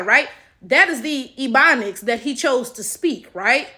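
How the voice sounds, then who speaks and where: A woman's voice: sits high, takes it slowly, sharp tone. A woman hosting reaction commentary, emphatic and sarcastic, tagging points with questions. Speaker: commentary channel host.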